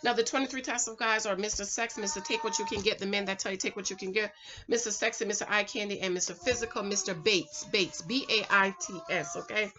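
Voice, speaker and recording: Music plays beneath a middle-aged woman who talks fast at a medium pitch. At home in front of the camera, she gives animated, preachy dating advice, chatting casually and speaking right to the viewer in vlog fashion.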